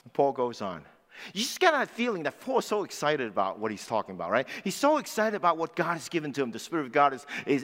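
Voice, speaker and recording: A man in his sixties preaching a sermon as pastor, swinging between loud emphatic lines and low, quiet asides. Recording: long hall reverb.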